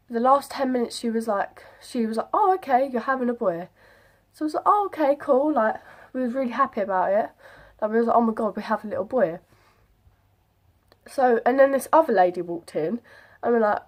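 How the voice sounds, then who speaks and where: A young woman, chatting casually to camera as she retells an experience. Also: fairly high pitch. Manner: chatty, animated retelling with quoted voices. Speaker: vlogger. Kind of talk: casual storytelling vlog.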